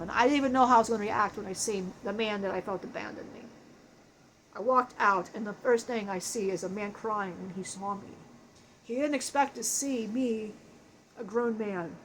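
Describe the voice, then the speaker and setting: A woman telling an emotional spiritual life story in a halting way, often breaking off and restarting her sentences. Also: mid-range voice, a little hiss or hum, rough recording. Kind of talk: channeled personal storytelling.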